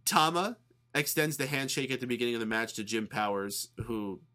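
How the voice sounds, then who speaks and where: A man co-hosting a podcast, casually recapping a match with quick asides and the odd swear word. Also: medium pitch, expressive, bright, forceful tone. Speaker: podcast co-host recapping wrestling.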